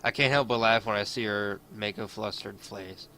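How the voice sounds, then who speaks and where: A man's voice: fairly low pitch, fairly even intonation, moderate pace, creaky, sharp tone, slight background noise. A man reading a visual novel aloud in first person, adding his own asides. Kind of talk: reading game text aloud.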